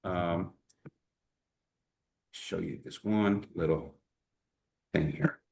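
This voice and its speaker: A man giving a conversational sales training, animated, checking in constantly with "right?" and acting out sample dialogues. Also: low voice, drawn-out words, vocal fry. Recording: echoey room.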